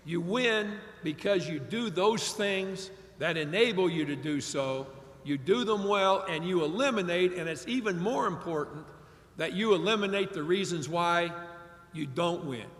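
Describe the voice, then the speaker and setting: A man's voice: high voice, a bit bright. An older man from Ohio giving a commencement speech, telling stories in a folksy, emphatic way. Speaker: commencement speaker. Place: large graduation venue. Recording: echoey hall reverb.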